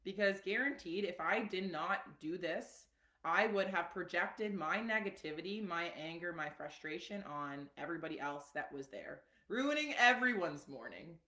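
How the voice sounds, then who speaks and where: Woman wellness coach, live-stream talk, chatty, lowish voice, roomy echo. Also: moderate pace. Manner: chatty and animated, with many fillers and asides. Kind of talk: casual live-stream teaching.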